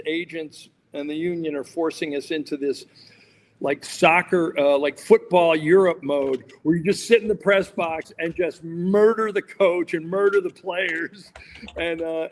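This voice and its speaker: Rambling storyteller man, slightly high voice. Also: long reverb tail. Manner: rambling, animated anecdotes full of fillers. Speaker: guest sports journalist. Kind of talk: casual podcast storytelling.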